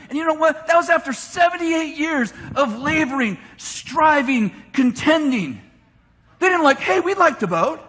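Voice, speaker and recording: A man preaching a lively sermon, shouting his points and mimicking complainers in mock voices. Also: very high voice. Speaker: pastor. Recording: long hall reverb from a church.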